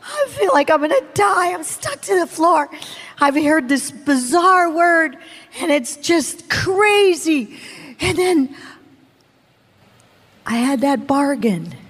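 A high-pitched woman in her forties delivers a sermon testimony, telling her story slowly and with lots of animation. She laughs often as she speaks. Her voice rings out with a long reverb, as in a large hall. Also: expressive, fairly bright tone. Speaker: preacher.

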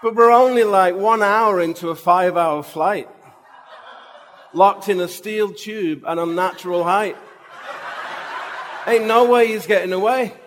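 A man's voice: sits high, measured pace, long pauses, a bit bright, big-room sound, a little hiss or hum. A man preaching, telling humorous, self-mocking stories from his own life in a sermon. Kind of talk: storytelling sermon.

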